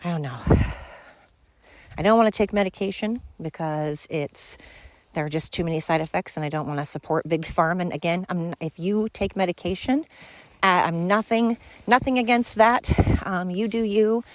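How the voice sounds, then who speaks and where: A woman's voice: on the low side, normal speed, no room sound. Candid, rambling middle-aged woman. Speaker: podcast host. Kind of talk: casual monologue. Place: outdoors walking with dogs.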